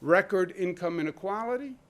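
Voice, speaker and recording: A man's voice: sits high, lively intonation, fairly quick, a bit bright. A man speaking as a state governor in a public briefing, blunt and emphatic, driving his points home with rhetorical questions. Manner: blunt, conversational.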